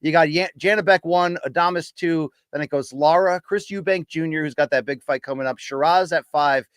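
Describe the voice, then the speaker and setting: A man hosting a casual podcast, giving opinionated takes and running quickly through names and rankings. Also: a little high, clean tone, no room sound. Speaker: podcast host. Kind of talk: casual boxing podcast chat.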